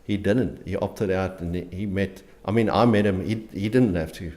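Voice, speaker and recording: A middle-aged man from South Africa with a South African accent, an interview guest speaking earnestly and haltingly, with frequent restarts. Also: low-pitched, warm tone. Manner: earnest, halting, many restarts and repeated words. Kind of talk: conversational interview.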